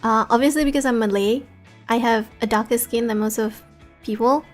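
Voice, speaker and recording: A woman's voice: a little high, fairly even intonation, brisk, soft background music. A young woman from Singapore with a light Singaporean English accent, chatting casually on a stream, giggly and full of fillers and restarts. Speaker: VTuber streamer.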